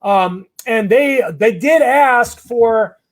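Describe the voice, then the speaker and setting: A lawyer speaks in a high voice as he answers viewer questions in a live session. He is blunt and conversational, full of ums and false starts. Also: extremely slow. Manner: blunt, conversational, many fillers and restarts. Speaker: immigration lawyer.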